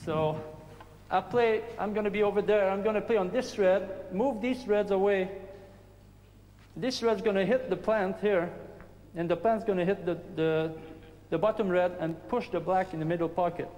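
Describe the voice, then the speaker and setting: A man who learned English late, explaining and setting up his trick shots in plain, halting English. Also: sits high, darkish tone. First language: not English. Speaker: trick shot player. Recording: reverberant hall with faint hum.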